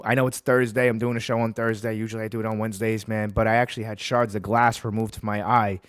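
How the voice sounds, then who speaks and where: A man's voice: lowish voice, no room sound, clean studio sound. A man hosting a casual sports talk show, ranting heatedly and then telling a long story in a laid-back way. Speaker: podcast host.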